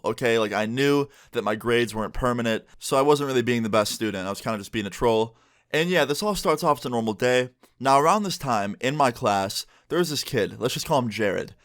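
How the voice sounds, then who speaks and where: A man's voice: mid-range voice, fairly bright tone. A young man telling a personal story in a casual storytime vlog, chatty and conversational. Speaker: YouTuber and streamer.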